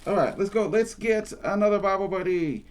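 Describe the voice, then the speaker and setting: A man's voice: sits high, fairly quick, slight background noise. A man chatting playfully through a casual unboxing, rambling and humming as he goes. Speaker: unboxing host.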